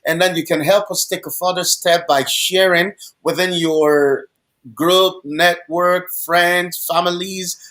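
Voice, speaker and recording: A man co-host on a faith-based talk show, with a voice pitched somewhat higher than most men. He keeps chiming in and affirming what is said, and reads out the viewer reminders in a friendly host manner. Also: steady tone, slow pace, a bit bright. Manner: affirming, chimes in often.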